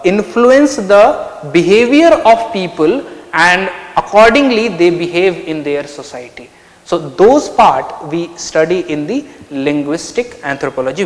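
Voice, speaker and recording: A man's voice: high voice, reverberant, long reverb tail. A man teaching an online lecture, explaining step by step and asking himself questions. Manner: explanatory, asks and answers his own questions. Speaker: anthropology teacher.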